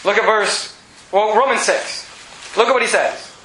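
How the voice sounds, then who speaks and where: A man preaching a sermon, reading scripture slowly and swinging from raised, emphatic lines to low, quiet ones. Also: echoey room, rough recording.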